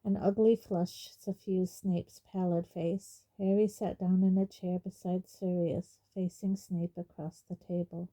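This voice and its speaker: Brief: woman audiobook narrator, measured, slow, very mellow tone. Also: lowish voice, flat delivery, low-quality recording. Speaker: audiobook reader. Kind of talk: storybook narration.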